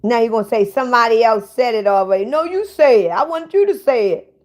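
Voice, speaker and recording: A woman's voice: on the high side, expressive, fairly quick, a little mellow. A woman hosting a casual livestream, bluntly ranting and swearing at viewers in the chat. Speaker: livestream host.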